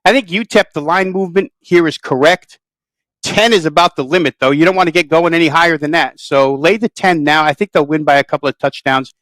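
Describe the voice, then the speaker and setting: A man's voice: on the high side, a little fast, a bit bright, no room sound, rough recording. Thorough, detailed male sports handicapper. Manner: thorough, detailed, long-winded. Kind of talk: detailed betting analysis.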